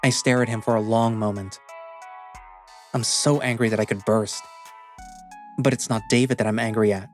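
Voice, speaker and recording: A man giving steady, introspective first-person narration of a visual novel. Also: fairly low pitch, moderate pace, pauses often, soft background music.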